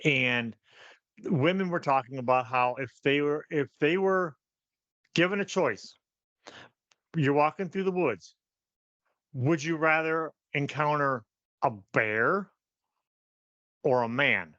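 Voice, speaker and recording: A man co-hosting a casual talk show, animated, laughing often and repeating words as he thinks. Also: a little high, slow pace, pauses often, no room sound, highs cut off. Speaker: podcast co-host. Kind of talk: casual chat.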